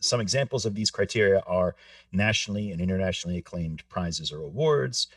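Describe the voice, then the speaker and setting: A man co-hosting a podcast, explaining things in a measured, explanatory way. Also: sits low, no echo, far from the mic. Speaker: podcast co-host. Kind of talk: casual podcast discussion.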